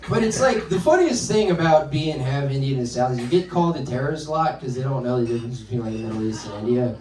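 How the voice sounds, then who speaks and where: A man's voice: mid-range voice, expressive, fast, darkish tone, distant mic. A young man from North Carolina doing a rambling, self-deprecating stand-up set, acting out the voices he quotes. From North Carolina, USA. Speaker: stand-up comedian. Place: comedy club with a laughing audience. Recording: roomy club sound, crowd laughter.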